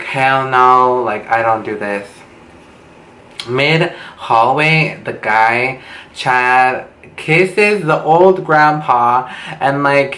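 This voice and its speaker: A young man telling a storytime vlog, animated and swearing, acting out what people said with big jumps in pitch. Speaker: vlogger. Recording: echoey room with faint background noise.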